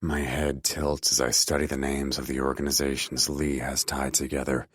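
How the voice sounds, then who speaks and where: Male audiobook narrator, extremely deep voice, dry booth sound, grim and controlled. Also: flat delivery, moderate pace, a bit bright, slightly rough, no echo. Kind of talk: first-person audiobook narration.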